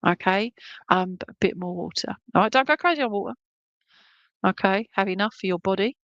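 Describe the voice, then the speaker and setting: A woman's voice: mid-range voice, a little fast, fairly bright tone, dry recording, highs cut off. A woman working as a spiritualist medium, giving a chatty, reassuring reading and checking in with "okay?" all the time. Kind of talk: clairvoyant reading in an online church service.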